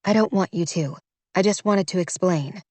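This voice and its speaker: A woman's voice: on the low side, normal speed, a little mellow, no room sound, lightly acted. A woman voicing a composed young princess who speaks in a formal, decisive way. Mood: earnest. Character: poised, proper young princess, gently decisive. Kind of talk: audiobook character voice.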